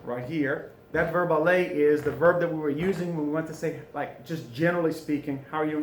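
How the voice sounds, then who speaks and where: A man teaching French in a classroom, chatty and informal, repeating phrases slowly for students to drill. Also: fairly high pitch, roomy sound, a little hiss or hum. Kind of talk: recorded classroom lesson. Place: classroom with a board.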